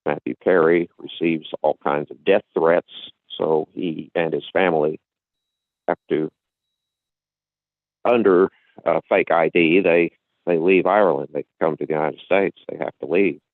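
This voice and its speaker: A man's voice: deep voice, fairly even intonation, unhurried, dry recording. A man hosting a podcast and explaining at length in a casual, lecturing way, often restarting his sentences. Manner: lecturing, with frequent restarts and repetitions. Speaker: podcast host. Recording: tinny phone-like line, dry.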